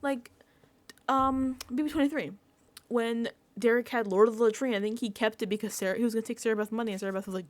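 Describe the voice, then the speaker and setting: A young woman chatting casually about a reality show, animated, swearing freely and mimicking people in whiny pleading voices. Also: on the high side, fast talker, no room sound. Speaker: reality TV recap vlogger. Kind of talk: casual reaction chat.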